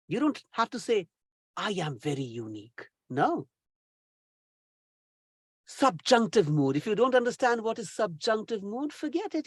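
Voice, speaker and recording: Animated trainer, dry sound. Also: male voice, high voice, no echo. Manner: exasperated, mocking, teasing asides. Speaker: English communication trainer. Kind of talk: recorded lecture.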